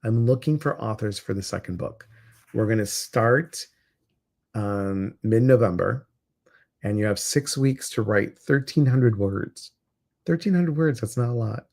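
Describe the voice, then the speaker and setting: A man with a Chicago accent hosting a casual livestream, upbeat and excitable as he talks straight to his viewers. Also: fairly low pitch, unhurried, gravelly. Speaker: livestream community host.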